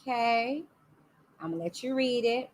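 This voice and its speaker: A woman with a fairly high-pitched voice talks at normal speed while hosting a casual YouTube live-stream commentary. She's sassy and chatty, talking back to her chat.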